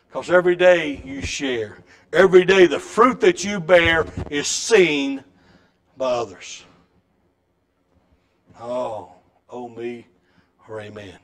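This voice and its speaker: A middle-aged man preaching a sermon in a church, with a folksy storytelling way that swings between loud and soft. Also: a little high, animated, takes it slowly, pauses often. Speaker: pastor. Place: church sanctuary.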